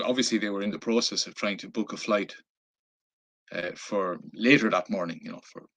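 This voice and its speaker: A man's voice: fairly low pitch, fairly bright tone. A man with an Irish accent, casually recounting a travel story, with lots of fillers and restarts. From Ireland. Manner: rambling, many fillers and restarts. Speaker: travel vlogger. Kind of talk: casual anecdote telling.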